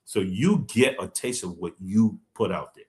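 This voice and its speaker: A man's voice: on the low side, lively intonation, moderate pace. Fiery, combative male political commentator. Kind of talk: live-streamed political talk.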